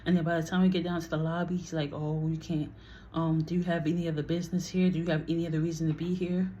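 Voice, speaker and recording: A woman recounts a personal story straight to camera in a casual vlog. She talks bluntly and heatedly, swears freely and acts out what others said. Her voice sits fairly low and dark, with a faint hiss in the background. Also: level tone, fast, muffled recording.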